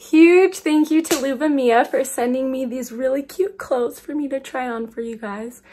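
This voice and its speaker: A woman's voice: high-pitched, moderate pace, mellow, a little hiss or hum. A woman in her twenties chatting to her phone camera in a casual try-on haul, bubbly and gushing, calling her viewers "you guys.". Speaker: fashion vlogger.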